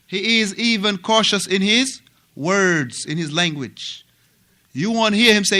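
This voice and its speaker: A man from Africa teaching a religious class at a mosque, animated and repetitive, often asking his students questions. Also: high-pitched, a little slow. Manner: animated, repeats words and asks students questions.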